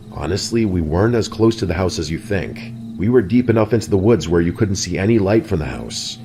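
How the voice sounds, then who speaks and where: A man narrating a scripted horror story in a steady, even storytelling delivery. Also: deep voice. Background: soft background music.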